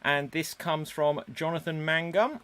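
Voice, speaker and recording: A man's voice: fairly high pitch, unhurried, a crowd in the background. A man hosting a live improv comedy show over a video call, upbeat as he reads out suggestions. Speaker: host.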